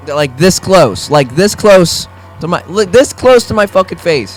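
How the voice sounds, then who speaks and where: A man's voice: on the high side, animated, fairly quick, soft background music. A young man, a grocery store worker, rants to the camera in a casual, profane, sarcastic and rambling way. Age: young adult.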